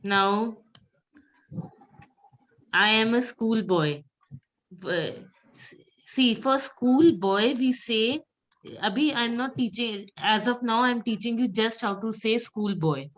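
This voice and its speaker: A woman's voice: on the high side, lively intonation, slow pace, long pauses. A woman teaching French pronunciation in an online class, patiently repeating words for her students over a video call.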